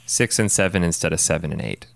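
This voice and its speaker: A man in his thirties co-hosting a podcast in casual chat, jokey and quick to laugh at his own lines. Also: low voice, lively intonation, creaky, no room sound. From Wisconsin, USA. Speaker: podcast co-host.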